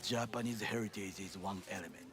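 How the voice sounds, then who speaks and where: An actor playing a stern, formal middle-aged male corporate bodyguard in a video game, speaking in clipped, measured lines. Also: lowish voice, slight background noise, lightly acted. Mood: grave. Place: game soundtrack played on a live stream. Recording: game audio under a loud stream.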